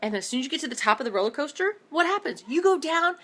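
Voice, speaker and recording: A woman in her thirties with a somewhat high voice gives a casual motivational talk to camera. She is animated and enthusiastic and keeps calling out to her viewers as "guys". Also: racing. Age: 30s. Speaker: motivational vlogger.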